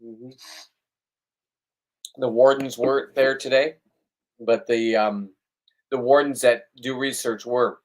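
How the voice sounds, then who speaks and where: A man records a casual fishing vlog outdoors. He rambles bluntly and pokes fun at himself. His pitch sits in the middle. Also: steady tone, takes it slowly, long pauses. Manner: blunt, rambling, self-deprecating. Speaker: fishing vlogger.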